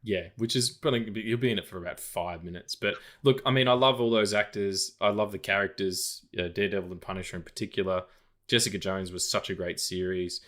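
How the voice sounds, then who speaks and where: A man's voice: deep voice, steady tone, a little fast, fairly bright tone. A man co-hosting a podcast, chatting casually about film news with lots of fillers, restarts and tangents. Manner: rambling, full of fillers and tangents. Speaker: podcast co-host.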